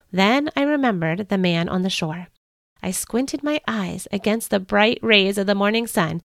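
A woman, host of a family devotional show, reading a children's Bible story aloud with expressive storytelling. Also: medium pitch, creaky, no echo, clean studio sound. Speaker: author and podcast host.

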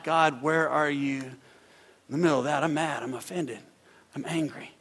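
High, gravelly preaching man in a hall. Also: fairly even intonation, normal speed. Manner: preaching with big swells to shouting and drops to hushed tones. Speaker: pastor. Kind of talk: sermon. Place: church hall.

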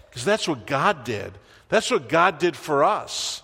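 A man's voice: a little high, sing-song, measured pace, creaky, bright, forceful tone, slightly rough, in a large hall. A man preaching a sermon as pastor in a church, conversational, with wry asides and rhetorical questions.

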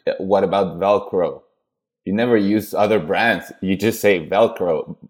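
A man with a fairly low voice pushes back on the group in a friendly panel discussion. He argues the other side playfully. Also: unhurried, a little mellow. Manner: playful, challenging.

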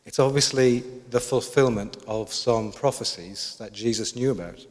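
In a mid-range voice at normal speed, a man delivers a thoughtful sermon, putting many questions to his listeners. The recording carries a long hall reverb.

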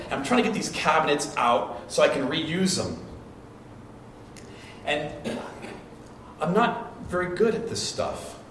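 A man preaching a sermon as pastor, talking in a conversational storytelling way with restarts and repeated phrases. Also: fairly high pitch. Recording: echoey hall recording from a distance with faint noise.

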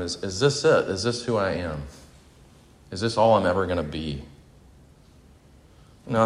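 A man in his forties preaching a sermon in a reflective, confessional way, talking conversationally and often correcting himself mid-sentence. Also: lowish voice. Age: 40s. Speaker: pastor. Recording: long hall reverb.

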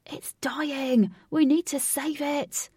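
A woman's voice: sits high, steady tone, slow, mellow, no echo, studio quality, voice pushed up. A woman voicing an urgent young male waiter who exclaims in alarm.

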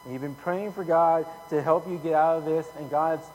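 A man preaching a casual, conversational sermon full of slang, growing louder when he reads scripture. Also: fairly high pitch, steady tone, moderate pace, muffled recording, soft background music. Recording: hall reverb, faint hum.

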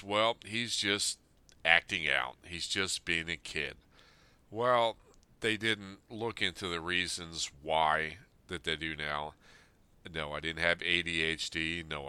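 Low, forceful man in his fifties, earnest. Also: clear, resonant tone, dry recording. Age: 50s. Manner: earnest, plain-spoken, speaking straight to his late father. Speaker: Army veteran sharing a personal letter. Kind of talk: reading a personal letter aloud, then reflecting.

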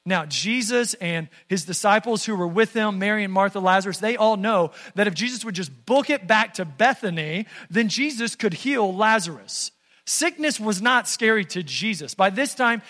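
A man preaching a sermon in a casual, animated storytelling way. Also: high voice, long reverb tail. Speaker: pastor.

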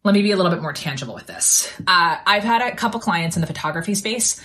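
A woman speaking coach hosts her own podcast, her voice sitting a little on the low side. She talks in a lively, conversational way, leaning hard on key words and tossing in blunt asides. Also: fast talker. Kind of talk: solo podcast coaching talk.

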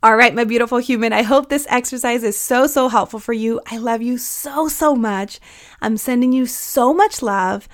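A woman's voice: fairly high pitch, moderate pace. A young adult woman hosting a podcast, giving a heartfelt, encouraging pep talk to her listeners. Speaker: podcast host.

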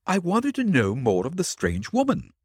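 A man's voice: on the high side, wildly swooping pitch, moderate pace, darkish tone, breathy edge, dry recording, clean studio sound, voice pushed up, exaggerated voice. A man voicing a frightened male witness confessing his story in an audiobook. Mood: confessional.

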